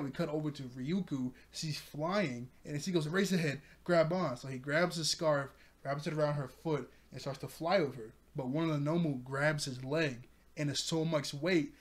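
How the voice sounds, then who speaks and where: A man casually recapping an anime episode at home in front of a TV, rambling, often laughing and correcting himself. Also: on the high side. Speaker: anime reviewer. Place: room with a TV.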